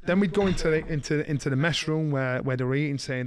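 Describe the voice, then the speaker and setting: A middle-aged man, co-hosting a podcast, telling a story in a lively way and slipping into the voices of the people he quotes. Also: fairly high pitch, fast talker, no room sound. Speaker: podcast co-host. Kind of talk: casual storytelling chat.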